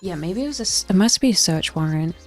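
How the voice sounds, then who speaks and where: A woman's voice: fairly low pitch, expressive, fast, soft background music. A young woman streaming a game and chatting casually, telling stories bluntly, swearing freely and laughing between them. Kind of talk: casual chat on a gaming stream.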